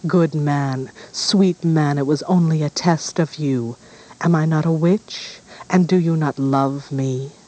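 A scheming witch queen read by a man from a dark fairy tale. She coaxes and charms in a slightly raised voice. Her manner is sly and seductive. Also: fairly high pitch, slow pace, poor audio. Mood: coaxing.

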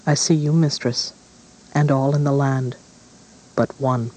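A man's voice: medium pitch, fairly even intonation, a little slow, a little mellow, close to an everyday voice, poor audio. A man voicing an enchanted magic mirror that answers plainly in a storybook reading. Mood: oracular.

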